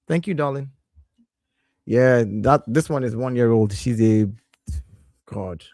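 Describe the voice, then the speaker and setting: A man in his thirties hosting a casual live stream from his home office, talking in an animated way and breaking off to scold his kids and greet viewers. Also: mid-range voice, a little slow, pauses often, dry recording, studio quality.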